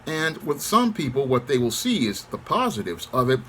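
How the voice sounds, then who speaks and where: Calm, controlled man speaking. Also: mid-range voice, moderate pace, slight background noise. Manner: calm, controlled, even-toned delivery; repeats set phrases. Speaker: channel host. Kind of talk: monologue to camera.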